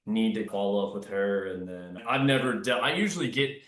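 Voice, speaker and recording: A man's voice: lowish voice, moderate pace, a bit bright. A man in a casual chat, easygoing and affirming, thinking his ideas through aloud. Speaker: guest, real estate investor. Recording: echoey room.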